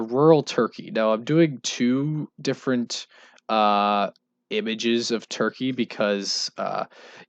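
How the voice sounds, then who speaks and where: A man giving a casual instructional voice-over on game tips, relaxed and loose, with fillers and restarts. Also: mid-range voice, dry recording, highs cut off. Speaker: video creator explaining game tips.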